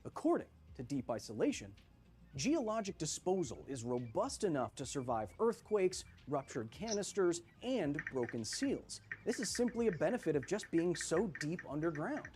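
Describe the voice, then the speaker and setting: A hoarse man hosting a science explainer, speaking emphatically and persuasively straight to the viewer. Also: fairly high pitch, sing-song, normal speed, a little mellow, faint music behind. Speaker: science video host.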